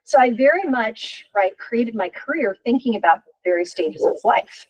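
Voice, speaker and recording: This is workshop talk from a fiftysomething woman whose voice sits on the high side and moves at a normal speed. The recording quality is low. Her coaching is candid, lively and conversational, peppered with rhetorical "right?"s.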